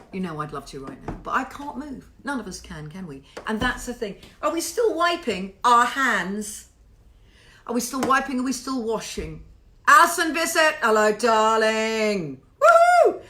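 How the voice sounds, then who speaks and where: A woman's voice: medium pitch, bright, forceful tone. Gushing woman hosting a livestream. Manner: gushing, effusive, blowing kisses and swearing. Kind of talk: casual livestream chat greeting viewers. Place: home.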